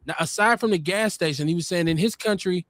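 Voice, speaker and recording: A man hosting a podcast, telling stories and arguing his points in an animated, emphatic way. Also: high-pitched, quick pace, no room sound. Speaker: podcast host. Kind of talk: casual debate talk.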